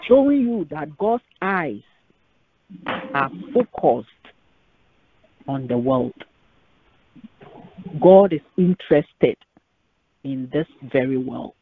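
Slow emphatic woman preaching by phone. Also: low voice, expressive, slight background noise. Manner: slow, emphatic, repeats key phrases. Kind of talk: sermon on a conference call. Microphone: phone on a conference line. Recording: tinny phone line.

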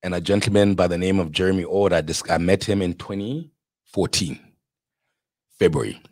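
A low-voiced man from South Africa talks through his restaurant story in a candid interview. His voice is husky and the sound is close and dry. He acts out the people he quotes and swears casually. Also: moderate pace, darkish tone, dry recording. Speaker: restaurateur guest.

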